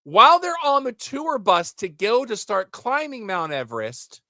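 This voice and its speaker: This man co-hosts a laid-back podcast, wandering animatedly through film plots while his pitch rises and falls widely. He speaks a little slowly, and the sound is close and dry without any echo.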